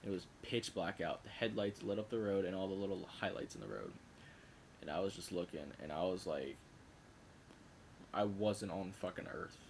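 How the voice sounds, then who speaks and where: A man's voice: deep voice, animated, normal speed, vocal fry, darkish tone, a little hiss or hum. A young man casually telling a rambling, profane personal story, often restarting and correcting himself. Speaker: vlogger.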